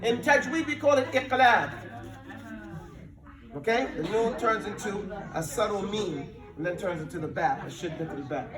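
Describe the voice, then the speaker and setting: A man teaching an Arabic class, drilling his students in call-and-response and mixing Arabic with English as he explains words with lively emphasis. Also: high voice, moderate pace, crowd noise. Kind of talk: classroom language lesson. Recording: echoey room, mic at a distance.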